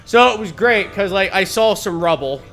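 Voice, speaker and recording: A man streamer spins a rambling tale while playing, his voice sitting a bit high and swooping up and down a lot. He laughs at his own punchlines, with faint game music underneath. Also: lively intonation, moderate pace, a bit bright. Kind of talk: casual storytelling while gaming. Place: home streaming setup.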